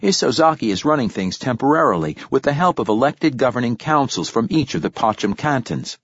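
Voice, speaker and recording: A man reading an audiobook and voicing an upbeat, eager man who explains how things are being run, in a lively, explanatory manner. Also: medium pitch, a little fast, husky, dry recording, pitched above the performer's own voice. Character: calm, upbeat man explaining a new government. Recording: dull, dry lo-fi recording.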